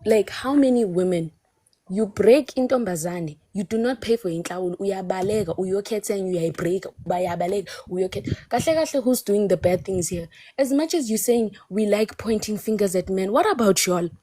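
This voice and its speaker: A woman's voice: mid-range voice, animated, moderate pace, mellow, dry recording. A South African woman arguing heatedly on a live-stream call, emphatic and defensive as she pushes back on the men on the panel.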